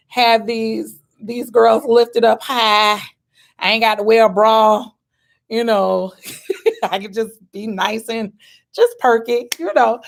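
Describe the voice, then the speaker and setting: A woman's voice: fairly high pitch, vocal fry. Woman, 40s, vlogger. Casual and candid, talks to herself with "girl" and "baby.". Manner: chatty and candid, laughs easily, pauses with ums; gives herself a pep talk with "girl" and "baby". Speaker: vlogger answering questions. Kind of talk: casual chat.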